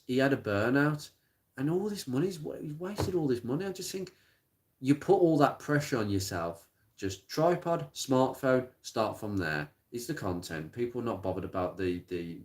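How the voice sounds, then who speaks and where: A man chatting casually on a live stream about car parts, plain-spoken and rambling, with many pauses and restarts. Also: fairly low pitch. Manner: rattles off blunt practical advice. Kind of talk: casual live-stream chat answering viewer comments. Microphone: smartphone.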